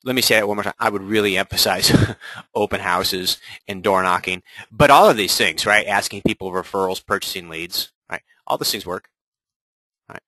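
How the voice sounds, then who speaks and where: Forceful low-voiced male webinar coach. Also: moderate pace, dry recording, poor audio. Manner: energetic, repeats "right?" often. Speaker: real estate coach. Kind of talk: webinar presentation.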